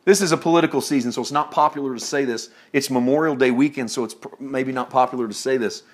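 Quick-paced and medium in pitch, a man preaching a sermon alternates between exclaiming loudly and speaking in hushed, intimate tones, and he often laughs mid-speech.

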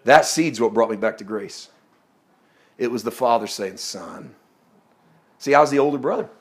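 A man preaches a sermon at a slightly fast pace in a medium-pitched voice. He swings from loud exclaiming to hushed, intimate tones, often laughing as he talks.

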